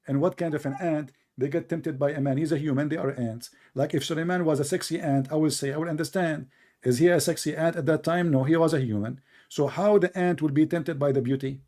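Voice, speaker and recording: Brief: male debate host, sarcastic and combative, higher voice. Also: mellow. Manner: sarcastic, combative, non-native English. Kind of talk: mocking religious debate.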